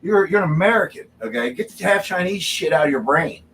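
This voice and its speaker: A man's voice: a little high, animated, fairly quick, noisy background. A man hosting a drinking livestream, ranting angrily and repeating himself, tagging his points with "okay?". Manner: angry, repetitive ranting, keeps tagging "okay?". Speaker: livestream host. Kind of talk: drinking-show rant. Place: home studio.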